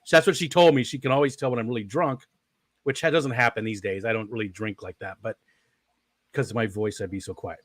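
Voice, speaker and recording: A man's voice: on the low side, fairly even intonation, brisk, a bit bright, dry recording, clean studio sound. A man hosting a casual interview stream, rambling and chuckling as he talks. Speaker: stream host.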